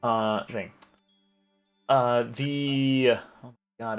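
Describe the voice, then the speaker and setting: A man running a tabletop game as its game master, slow and unhurried, stopping and starting as he searches for words. Soft music plays underneath. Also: medium pitch, animated. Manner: halting, with many fillers and restarts.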